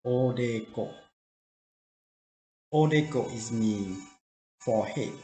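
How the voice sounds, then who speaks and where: A man teaching vocabulary in a slow drill, repeating each word carefully in simple, broken phrasing. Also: mid-range voice, warm tone, faint music behind. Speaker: language teacher. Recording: roomy echo.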